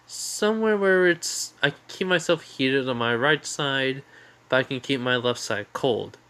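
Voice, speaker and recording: A man's voice: mid-range voice, measured pace, pushed and bright, clear, resonant tone. A man voicing a plain-spoken teen girl hero. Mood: explaining. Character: teenage girl hero student, half ice half fire.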